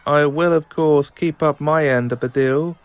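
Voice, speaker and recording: A man's voice: a little high, steady tone, measured pace, smooth, dry recording, lightly acted. A man reading a strict school flying teacher's game dialogue aloud in a formal manner. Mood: approving.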